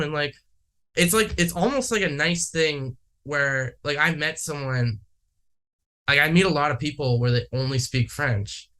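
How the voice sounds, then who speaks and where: A man's voice: a little high, a little slow, pushed and bright. A man from Manitoba, Canada, chatting casually on a podcast, rambling with lots of fillers and swearing. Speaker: podcast guest. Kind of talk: casual chat.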